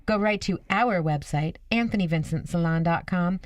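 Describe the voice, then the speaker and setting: A woman's voice: lowish voice, normal speed, no echo. A woman co-hosting a radio show, chatty and giggly in casual banter.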